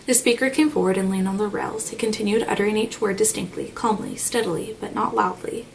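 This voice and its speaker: A woman narrating a classic novel in a measured, expressive reading voice. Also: mid-range voice, vocal fry. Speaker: audiobook narrator. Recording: slightly distant mic, faint noise.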